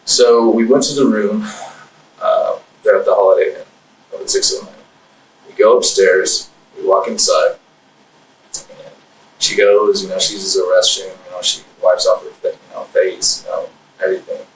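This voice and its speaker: A man's voice: low voice, fairly even intonation. Hesitant man in an echoey interview room. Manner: halting, hesitant, many fillers and restarts. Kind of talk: recorded police interrogation. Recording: echoey distant room mic with faint noise.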